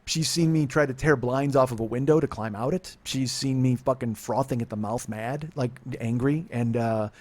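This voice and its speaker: A man in his forties hosting a comedy podcast, telling a confessional story in a profane, self-deprecating way that drops to low muttering and then bursts out loud. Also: moderate pace, hardly any pauses. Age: 40s. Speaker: podcast host.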